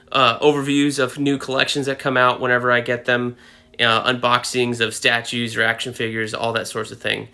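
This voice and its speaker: A man's voice: mid-range voice, sharp tone. A man hosting his own comic book video channel, giving casual, rambling commentary full of fillers and self-corrections.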